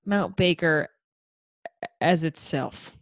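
A woman hosting a casual chat, relaxed and encouraging. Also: deep voice, no echo. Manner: relaxed, encouraging, quick to laugh along. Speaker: host.

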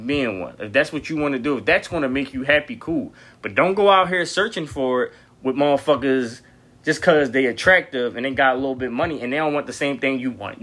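A young man hosting a podcast, telling stories in a blunt, profane, animated way. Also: a little high. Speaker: podcast host. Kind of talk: casual storytelling monologue.

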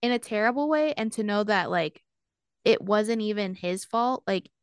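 A woman co-hosting a book podcast, talking through a novel in a relaxed, reflective way. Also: mid-range voice, clear, resonant tone, no room sound, studio quality. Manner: relaxed, reflective, quick with agreement. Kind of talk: casual chat discussing a novel.

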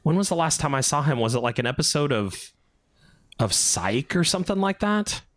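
A man with a Californian accent hosts a casual podcast. His pitch rises and falls in a lively way as he talks. The sound is close and dry, with no room echo. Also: a little fast. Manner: animated, laughs often. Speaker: podcast host.

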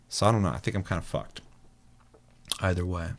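A man's voice: low voice, expressive, fairly quick. A man hosting a casual chat show, telling a gaming story with laughs and swearing. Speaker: podcast host.

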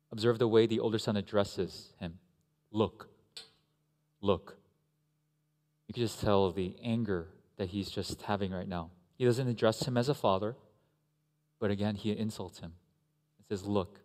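A man pastor giving a conversational, animated sermon with asides to the congregation. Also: fairly low pitch. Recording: echoey hall.

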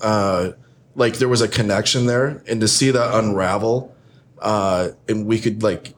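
A man with a somewhat low voice, speaking as a guest in a casual podcast chat. He talks haltingly, pausing often and filling the gaps while he hunts for the next word. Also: steady tone, a little hiss or hum. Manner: halting, searching for words with many fillers.

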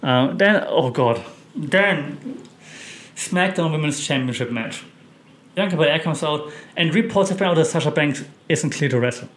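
A man's voice: a little high, expressive, normal speed, a bit bright. A man hosting a casual wrestling recap, chatty and opinionated, with many fillers and restarts. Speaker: wrestling podcast host.

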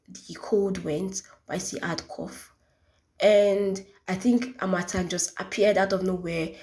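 Nigerian woman chatting low and rambling. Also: a little mellow. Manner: rambling, repeats herself, many "like" fillers. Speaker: podcast host. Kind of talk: casual solo podcast chat.

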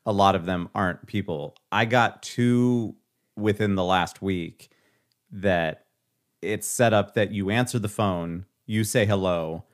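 A man in casual conversation, telling an animated story, acting out quoted lines and laughing often. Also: low voice, unhurried.

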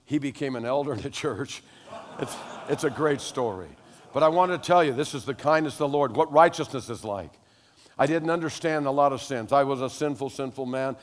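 An older man preaching a sermon as pastor, telling animated stories that rise to loud exclamations. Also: medium pitch, a little fast, long reverb tail, slight background noise.

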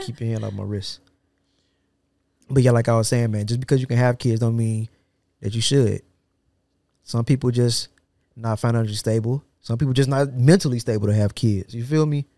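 A man co-hosting a podcast in casual chat, slangy and quick to joke and laugh. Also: medium pitch, fairly even intonation, mellow, no echo. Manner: joking, laughs often, slangy. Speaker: podcast co-host. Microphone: studio podcast mic.

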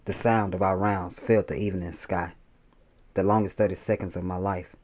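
A man with a low, mellow voice reads a first-person war story at an even, steady pace. The recording sounds dull and slightly lo-fi. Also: brisk. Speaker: audiobook narrator.

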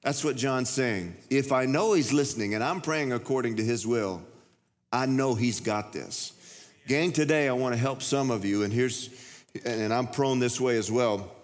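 A middle-aged man preaches a sermon at a moderate pace in a big church, where a long hall reverb trails after his words. His pitch sits in the usual middle range, and he storytells, voicing characters and shouting at times.

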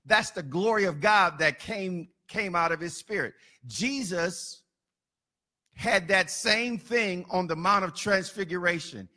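Man, sermon, emphatic repetition, bright edgy voice, a bit high. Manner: emphatic, building repetition with loud peaks; colloquial asides. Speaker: preacher.

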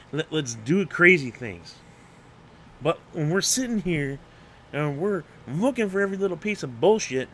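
A man's voice: on the high side, fairly bright tone, slight background noise. A young man hosting an unscripted solo podcast, rambling and getting hyped, swearing freely and stumbling over restarts. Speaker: podcast host.

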